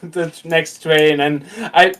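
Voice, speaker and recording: A man in his thirties with a high voice and a Dutch accent, telling a story in relaxed chat. He jumps into the voices of the people in the story and laughs often as he goes. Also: slow pace. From Netherlands. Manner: animated, acts out dialogue, laughs often. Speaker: host.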